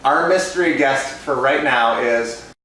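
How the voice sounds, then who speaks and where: A man's voice: medium pitch, a little slow, sharp tone. A man co-hosting a podcast, telling casual, self-deprecating stories about his work as an entertainer. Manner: easygoing, self-deprecating anecdotes. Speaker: podcast co-host, balloon entertainer. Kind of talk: casual storytelling chat. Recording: very echoey room, distant mic, faint noise.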